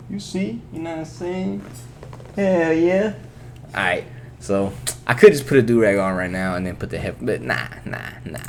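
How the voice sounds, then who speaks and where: A man's voice: medium pitch, slight background noise. A man hosting his own vlog from his apartment bedroom, rambling in a loose, profane, laid-back way. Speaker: vlog host. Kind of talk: casual rambling vlog chat.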